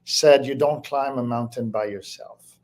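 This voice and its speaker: An older man with a French Canadian accent, a French native speaker, answering interview questions in a reflective, halting way. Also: medium pitch, a little mellow. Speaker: guest, entrepreneur.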